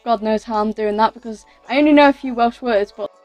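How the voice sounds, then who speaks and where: A woman's voice: fairly high pitch, brisk, muffled recording, faint music behind. A teenage girl from England, chatting through a casual Q&A vlog in a rambling way, with lots of fillers and self-corrections. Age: teens. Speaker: YouTuber.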